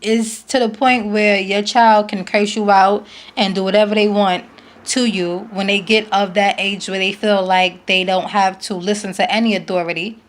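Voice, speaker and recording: A woman's voice: mid-range voice, fairly even intonation, normal speed. A woman, making an earnest, pleading appeal to camera as a parent, repeating her points for emphasis. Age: 20s. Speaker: vlogger, parent. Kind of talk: emotional direct-to-camera appeal.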